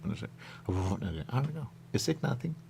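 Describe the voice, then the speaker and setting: Man, radio host, rambling loose chat, gravelly fry in the voice, pitch leaping up and down. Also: very animated, moderate pace, mellow, a little hiss or hum. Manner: rambling, keeps repeating stock phrases.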